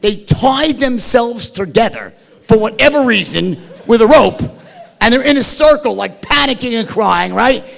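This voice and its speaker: A middle-aged man telling a wild story in an animated, profane, rambling way, tossing in "right?" and "like" all the time. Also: extremely high pitch, unhurried, creaky. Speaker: storyteller guest. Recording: long hall reverb.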